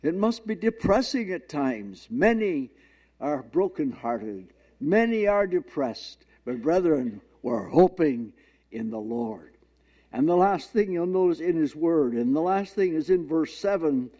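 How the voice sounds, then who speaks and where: Man, sermon, earnest halting delivery, mellow tone, muffled old recording. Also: a little high, very animated. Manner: earnest, halting preaching with slow drawn-out scripture reading. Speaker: preacher. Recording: dull lo-fi recording.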